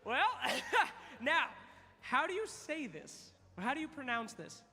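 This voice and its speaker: A man hosting a live trivia contest on stage at an esports event, energetic and teasing, calling out to the crowd. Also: very high-pitched, slow. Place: large event hall on stage. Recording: long reverb of a big hall.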